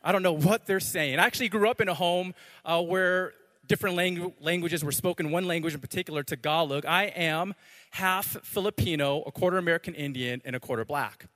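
A man's voice: on the high side, brisk, fairly bright tone. A man preaching a sermon as pastor, joking playfully at times and praying earnestly. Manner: playful, joking asides then earnest prayer. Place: church. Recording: long hall reverb.

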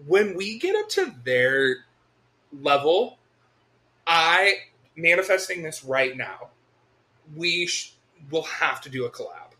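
A man co-hosting a casual chat podcast, animated and quick to laugh, swearing freely. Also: on the high side. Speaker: podcast co-host.

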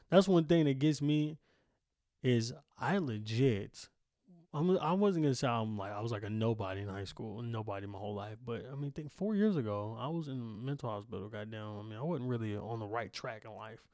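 A young man hosting his own podcast alone, ranting in a boastful, profane and animated way. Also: medium pitch, moderate pace, no echo, studio quality. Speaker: podcast host. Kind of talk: solo podcast rant. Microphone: single studio microphone.

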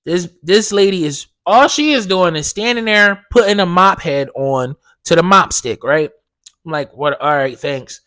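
A man hosts a casual solo podcast, telling stories in a profane, animated style that swings from loud indignation to low, mumbled asides. He talks a little slowly, and there's no room sound.

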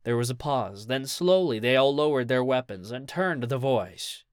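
Male audiobook narrator, even and measured, mid-pitched, dry close studio sound. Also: smooth, no echo. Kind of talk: scripted story narration.

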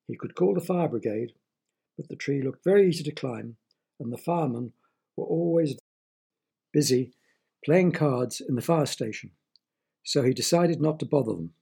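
A man's voice: mid-range voice, creaky, dark tone, husky. A man telling a children's story, playful and asking the young listeners questions.

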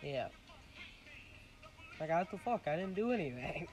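A man's voice: fairly high pitch, sing-song, measured pace, darkish tone, soft background music, low-quality recording. A young man in casual chat, telling a story in a laid-back, profane way with lots of fillers.

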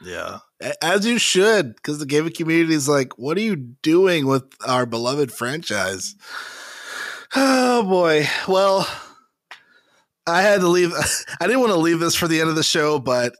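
An easygoing man hosting a casual gaming podcast, his pitch swinging widely as he talks and laughs. The sound is close and dry. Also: very animated, measured pace, pauses often, fairly bright tone, dry recording. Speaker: podcast host.

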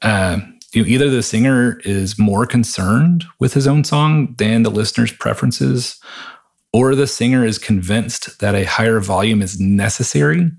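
A man talking through a worship song and Bible passages in a casual, thoughtful way, often pausing and restarting his sentences. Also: lowish voice, creaky. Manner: thoughtful, halting with frequent restarts and fillers. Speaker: podcast co-host reviewing a worship song.

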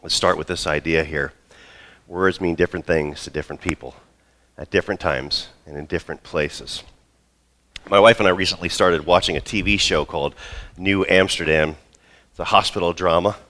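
A man in his role as pastor, preaching a sermon and telling a story with lively asides. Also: deep voice, moderate pace, slight background noise. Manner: storytelling, acts out quoted voices.

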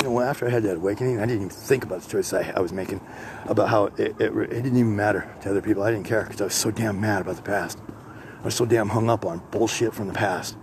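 A man's voice: lowish voice, a little mellow. A man hosting a podcast, walking outdoors, preaching in a blunt, profane, rambling monologue with a congested, drippy voice. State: congested, coughing from sinus drip. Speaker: podcast host. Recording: faint street and vehicle noise.

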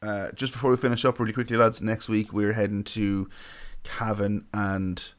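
A man wrapping up a podcast episode. He talks quickly, with a dry, deadpan manner. His voice is low. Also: smooth. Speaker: podcast co-host. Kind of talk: casual chat.

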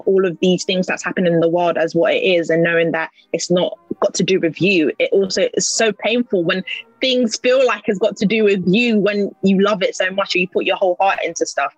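A woman's voice: medium pitch, no echo, poor audio. A young woman chatting candidly and emotionally, often acting out her own inner voice. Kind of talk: casual chat.

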